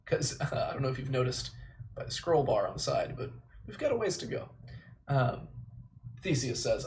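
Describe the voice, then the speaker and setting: A man chatting casually on a livestream, self-deprecating and dropping the odd mild swear word. His voice sits in an ordinary middle pitch. Faint background noise and mouse clicks can be heard behind him. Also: very animated, moderate pace, pauses often. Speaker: livestreamer memorizing a play.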